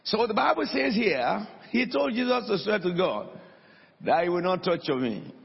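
A male pastor preaches emphatically in a church hall and calls out to the congregation for answers. His fairly high voice has a husky, breathy grain. The recording is dull and lo-fi, with a long reverb trailing off the room. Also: very animated, normal speed. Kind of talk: sermon.

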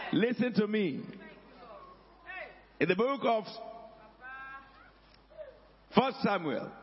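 A man preaching a sermon as pastor, calling on the congregation and rising to shouts. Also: high voice, long reverb tail, dull audio, a little hiss or hum. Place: church hall.

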